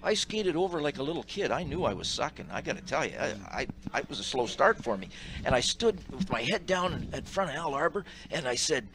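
An older man, a retired hockey referee, telling animated stories on a sports radio panel. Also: a little high, brisk, poor audio. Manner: animated anecdotes with acted quotes.

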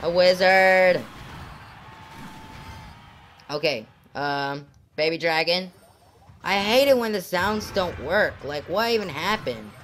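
A gaming channel host giving live commentary on a mobile match, shouting at the game and chatting to viewers with many fillers. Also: mid-range voice, measured pace, a little hiss or hum. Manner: excitable, yells at the game.

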